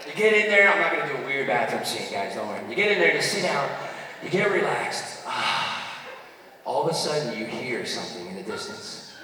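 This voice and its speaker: A young man from the United States performing stand-up comedy, animated and punchy, asking the crowd for agreement. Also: mid-range voice, fairly quick. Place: large theater stage. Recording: echoey theater from far off, loud audience.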